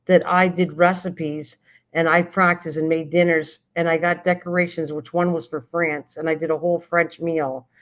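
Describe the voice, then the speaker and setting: A woman's voice: low-pitched, level tone, moderate pace. An older woman hosting a casual late-night chat, rambling and often restarting sentences while she searches for words. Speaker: livestream host. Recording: dull lo-fi stream audio.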